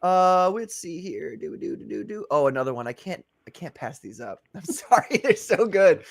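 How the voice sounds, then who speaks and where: A man's voice: fairly high pitch, big pitch swings, normal speed, vocal fry, hardly any pauses. A man hosting a casual livestream chat, joking, laughing often and reading viewer comments aloud. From Maryland. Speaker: host.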